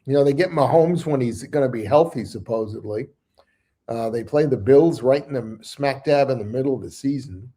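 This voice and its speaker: An older man co-hosting a casual sports talk, measured and halting as he weighs his points. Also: medium pitch, dark tone. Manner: measured, hesitant, restarts phrases. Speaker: sports analyst co-host.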